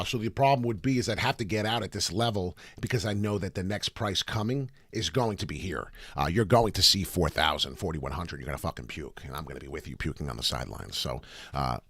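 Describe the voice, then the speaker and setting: Male crypto livestream host, lowish but bright tone, rambling and profane, slight morning rasp. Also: no room sound. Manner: animated, rambling, swears freely. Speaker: crypto chart analyst host. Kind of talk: casual livestream market commentary.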